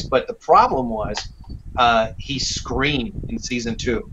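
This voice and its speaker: A male voice actor chats in a loose, rambling way, full of ums and restarts. His pitch sits in an ordinary middle range. The audio is a bit muffled, with faint hiss behind him. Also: unhurried. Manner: relaxed, rambling, with many fillers. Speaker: voice actor guest. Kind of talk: casual interview over a call.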